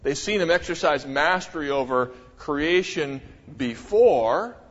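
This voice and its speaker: A middle-aged man preaching with animated, pointed rhetorical questions, his voice sitting a little high. The sound is muffled and dull, and a long church-hall reverb trails each phrase. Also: unhurried, soft background music. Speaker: pastor. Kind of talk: sermon.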